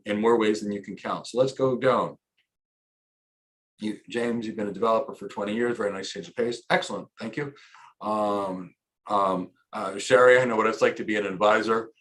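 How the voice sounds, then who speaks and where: A man's voice: lowish voice, a bit bright. An American man hosting a live career talk, coaching viewers in an emphatic style and repeating key points for punch. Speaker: host and cloud architecture instructor.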